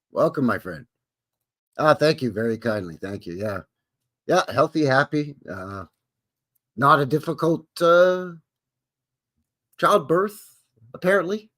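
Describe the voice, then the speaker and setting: A man's voice: mid-range voice, a bit bright. A Canadian man hosting a live stream, casually chatting and reading aloud with rambling, jokey asides.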